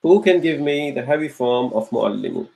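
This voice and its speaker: In a live online grammar class, a man speaks at a moderate pace with an expressive, creaky, darkish mid-range voice. He patiently repeats questions in encouraging drills and praises students by name when they answer, on a low-quality recording.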